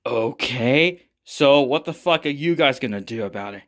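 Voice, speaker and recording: A man voicing a hot-tempered, vengeful middle-aged father who shouts and swears. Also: medium pitch, lively intonation, normal speed, voice pushed down, natural voice.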